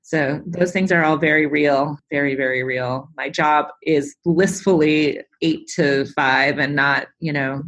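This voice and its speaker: A woman's voice: low voice, fairly even intonation, measured pace, hardly any pauses. A middle-aged woman interviewed as a guest, who laughs easily and lets her sentences trail off. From United States. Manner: warm, laughs easily, trails off mid-thought. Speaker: guest, embroidery artist. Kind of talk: casual interview chat.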